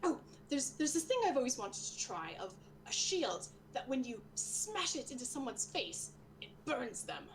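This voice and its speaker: A woman putting on a squirrely, mousy little shopkeeper's helper in a tabletop game. He talks in a raised, nervous pitch and rambles hesitantly, eager to try his ideas out. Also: big pitch swings, moderate pace, a little hiss or hum, low-quality recording.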